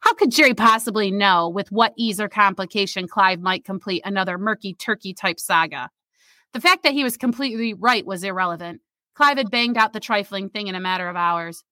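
A woman's voice: mid-range voice, fairly quick, sharp tone, no echo. A woman reading her own short story aloud expressively, then chatting casually about it over an online call.

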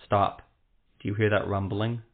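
A blunt, curt male monster hunter from a fantasy storybook, as a man reading aloud puts him on. His voice is fairly low and comes through tinny and phone-like. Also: flat delivery, normal speed, natural voice. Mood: gruff.

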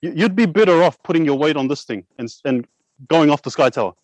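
A young man preaching a sermon, asking rhetorical questions, repeating words and slowing down to press key points. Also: a little high, animated, no room sound, poor audio. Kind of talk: sermon with props.

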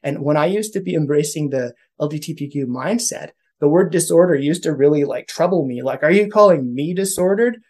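A man's voice: a little high, brisk, few pauses, dark tone. A man from Canada talking earnestly in a casual conversation, thinking aloud and restarting his sentences. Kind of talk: casual podcast chat on faith.

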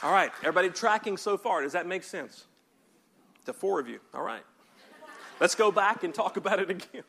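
High-voiced preacher man, emphatic. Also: animated, brisk, vocal fry, sharp tone, some chatter behind, a little hiss or hum. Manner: emphatic, asks the congregation to repeat words. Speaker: pastor. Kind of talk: sermon.

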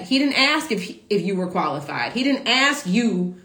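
A woman business coach in a casual live stream, talking emotionally to her followers, repeating herself and filling pauses with "like". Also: medium pitch, very animated, a bit bright, echoey room. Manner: emotional, repetitive, full of filler "like".

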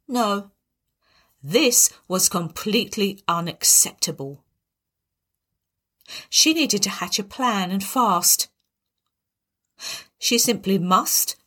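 A woman's voice: medium pitch, sharp tone, husky. A woman narrating a darkly comic story in a wry, dramatic way.

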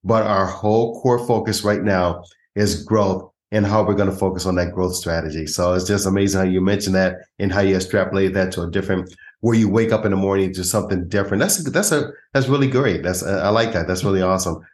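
Male podcast host, low voice, echoey room, friendly and affirming. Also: fairly quick. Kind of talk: casual interview talk.

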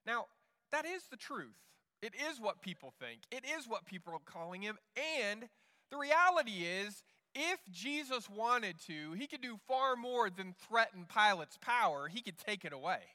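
A man's voice: sits high, very animated, moderate pace, pushed and bright, big-room sound. A male pastor preaching a sermon in an earnest way, often repeating words as he restarts.

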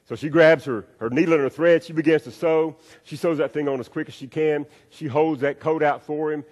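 A man preaching a sermon, acting out a story with swings between loud and hushed delivery. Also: moderate pace. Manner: storytelling with acted-out voices, wide swings in pitch and loudness. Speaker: pastor. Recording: long reverb of a hall.

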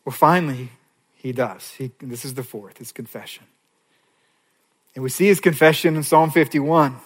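A male pastor delivering a sermon, moving between hushed pleading and raised, emphatic preaching. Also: medium pitch, moderate pace, slightly rough. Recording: long hall reverb.

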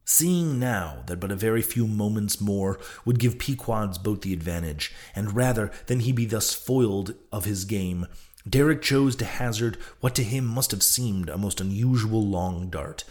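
A man with a lower voice narrates a classic sea story. His delivery is measured and steady, a reader giving long descriptive passages their weight. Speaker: audiobook reader. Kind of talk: scripted narration.

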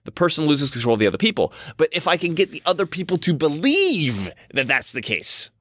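A man's voice: a little high, huge pitch swings, fairly quick, a bit bright, no room sound, clean studio sound. A man giving a casual, rambling monologue as a commentator, often repeating himself and restarting his sentences.

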